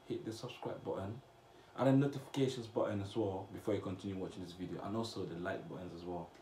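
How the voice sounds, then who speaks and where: A man's voice: deep voice, fairly even intonation, quick pace. Young man in an echoey room. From Cameroon. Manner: blunt, slangy, bursts into loud outbursts. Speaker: vlogger reacting to comments. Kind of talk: casual reaction vlog. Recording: echoey room with faint noise.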